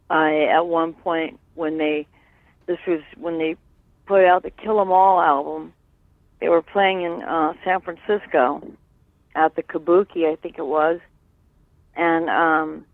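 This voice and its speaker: A man's voice: on the high side, dry recording. A man reminisces at length in an interview, wandering with fillers and checking in with "right?" His voice comes through a thin, phone-like line. It sounds dry, with no room around it. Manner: rambling, many fillers, frequent "right?". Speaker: guest.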